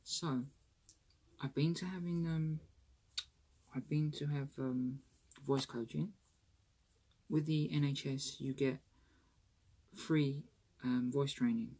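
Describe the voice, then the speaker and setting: A woman talks candidly to her camera in a vlog. Her voice is husky and mellow, and her chatty, rambling delivery is full of restarts and a self-conscious edge. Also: very deep voice, fairly even intonation, slow, long pauses. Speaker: vlogger. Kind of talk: candid personal vlog talk.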